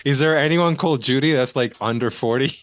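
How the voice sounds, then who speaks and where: A man of middling pitch chats as a podcast guest. He is blunt and swears freely, tossing in jokey asides as he goes, in a loose, conversational way. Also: brisk, noisy background. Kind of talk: casual chat.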